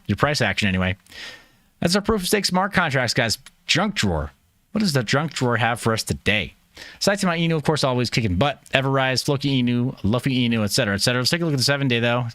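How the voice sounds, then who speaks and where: A man's voice: mid-range voice, lively intonation, fast, a bit bright, dry recording, clean studio sound. A man hosting a livestream, chatting casually in a joking, rambling, self-mocking way. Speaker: livestream host.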